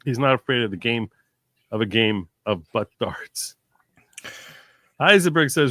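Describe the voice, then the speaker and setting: A man's voice: mid-range voice, expressive, a little slow, pauses often, fairly bright tone, dry recording. A man hosting a casual live stream, reading viewers' jokes aloud and reacting to them.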